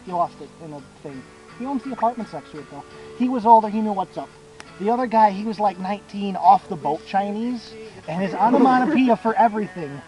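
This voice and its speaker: Crude rambling young man over loud music. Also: high voice, lively intonation, a little fast, low-quality recording. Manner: crude, rambling, profane, laughing at own jokes. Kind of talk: casual storytelling to friends. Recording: music playing loudly behind.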